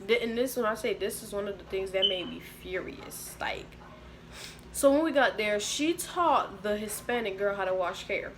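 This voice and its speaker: A young adult woman telling a storytime vlog in an animated, slangy way, acting out what other people said. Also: medium pitch, normal speed, background noise. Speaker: vlogger.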